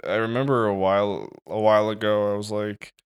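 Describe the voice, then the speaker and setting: A man's voice: on the low side, little pitch movement, fairly quick, smooth. A man co-hosting a podcast in casual chat, rambling, swearing freely and acting out little quotes. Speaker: podcast co-host.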